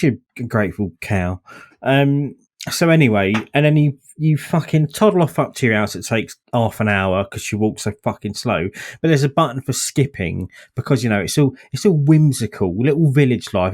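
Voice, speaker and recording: A man, ranting in sardonic, sweary podcast chat, full of restarts and fillers. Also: on the low side. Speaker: podcast co-host.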